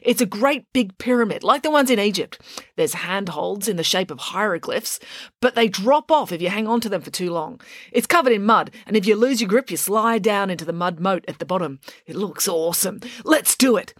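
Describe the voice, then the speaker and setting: A woman's voice: mid-range voice, animated, brisk, no room sound, clean studio sound, voice pushed up, lightly acted. A woman voicing a bossy, upbeat young girl who barks commands.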